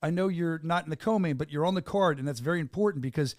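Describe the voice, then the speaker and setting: An upbeat male podcast host who talks fast and pushes the energy like a hype man. His voice sits a bit high for a man. The sound is dry and close. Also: dry recording. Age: adult with two children. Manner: upbeat hype-man talk, quick and repetitive. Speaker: podcast host and fight announcer. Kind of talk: casual interview chat.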